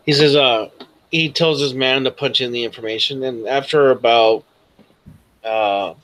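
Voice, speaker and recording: A man's voice: medium pitch, measured pace, fairly bright tone. Rambling male game master. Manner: rambling narration with fillers. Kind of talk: narrating a tabletop game.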